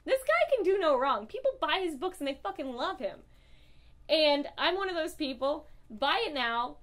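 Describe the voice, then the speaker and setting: High-voiced woman ranting about comics. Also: sing-song, normal speed, a bit bright. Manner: profane, impassioned and blunt. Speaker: comic book reviewer. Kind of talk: casual review vlog.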